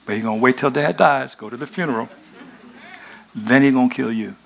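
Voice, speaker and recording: A man's voice: mid-range voice, fairly quick, creaky, natural voice. A man voicing a mother who urgently tells her son to run away, in casual modern slang. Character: scheming mother urging her son to flee.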